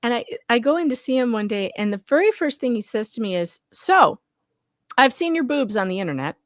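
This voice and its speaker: A woman guesting on a livestream, telling stories in an animated way, acting out quotes and laughing often. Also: on the high side, brisk, no echo, studio quality. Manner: animated storyteller, acts out quotes, laughs a lot. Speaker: guest co-host. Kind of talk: casual livestream chat.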